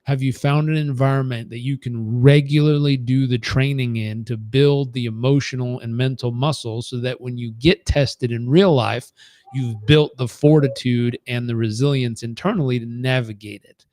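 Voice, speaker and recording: A man's voice: mid-range voice, steady tone, normal speed, a little mellow, dry recording. A middle-aged man leading a live training session, talking earnestly, repeating his points for emphasis and telling stories from his own life. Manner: earnest, storytelling, acts out quoted dialogue; repetitive, emphatic lists. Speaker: performance coach.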